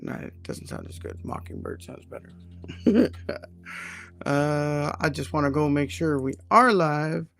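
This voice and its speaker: A man's voice: on the high side, creaky. A man in his forties hosting a casual live stream from home, rambling and joking at his own expense. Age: 40s. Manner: rambling, self-deprecating and joking. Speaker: livestream host, HR consultant.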